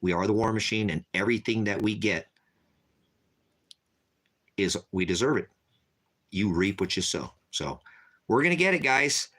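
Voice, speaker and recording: Heated, forceful male livestream preacher. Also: low-pitched, normal speed, long pauses.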